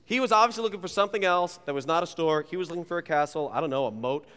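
Playful pastor preaching in an echoing hall. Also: male voice, fairly high pitch, racing, clear, resonant tone. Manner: animated, playful storyteller. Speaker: youth pastor. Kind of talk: sermon with personal storytelling. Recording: long reverb of a large hall.

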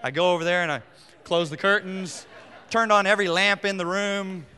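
A middle-aged man preaching a sermon as pastor, emphatic, rising to near-shouts on his key points. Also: high-pitched, steady tone, normal speed. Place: church sanctuary. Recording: long hall reverb.

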